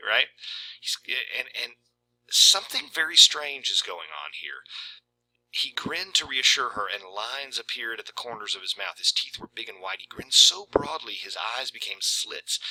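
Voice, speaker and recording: A man's voice: on the low side, sharp tone, husky, poor audio. A man casually discussing a short story and reading passages aloud. He talks conversationally, with frequent "right?" asides. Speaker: literature video presenter.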